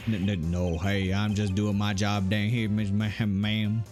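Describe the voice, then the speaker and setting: A man's voice: on the low side, level tone, unhurried, a little mellow, faint music behind. A man streaming a game, reading its lines aloud and joking at himself with some swearing. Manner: playful, self-mocking, swears.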